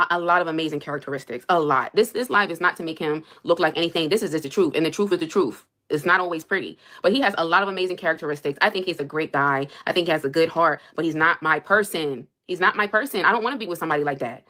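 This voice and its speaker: A woman's voice: fairly low pitch, fast talker, few pauses, pushed and bright. A young woman on a live stream, venting about her marriage in an exasperated, emphatic way and repeating her points. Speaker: livestreamer reacting to super chats. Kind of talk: heated live-stream rant.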